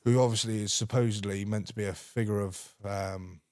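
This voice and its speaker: On the low side and a little fast, this young UK ex-soldier's voice rolls through casual army anecdotes on a podcast. He curses constantly and acts out exchanges by quoting what people said. The audio is studio-clean, without any room sound.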